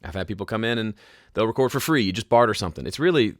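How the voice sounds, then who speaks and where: A man hosting a casual live question-and-answer podcast, with a smooth, polished speaking voice and a relaxed, conversational way of explaining. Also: fairly low pitch, very fast, dry recording, clean studio sound. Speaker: host answering viewer questions. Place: home studio.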